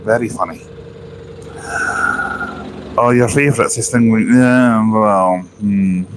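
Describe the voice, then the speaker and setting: A man's voice: lowish voice, measured pace, noisy background. Chatty man streaming outdoors. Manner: chatty, rambling, reads out viewer comments. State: sore throat with a cough. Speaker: live streamer. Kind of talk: casual live-stream chat. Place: outdoors overlooking a bus station.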